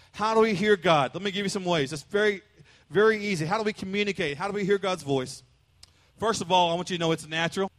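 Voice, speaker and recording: Male pastor, high-pitched, emphatic sermon delivery with playful asides. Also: fairly bright tone. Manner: preachy and emphatic, with call-and-response and playful imitations.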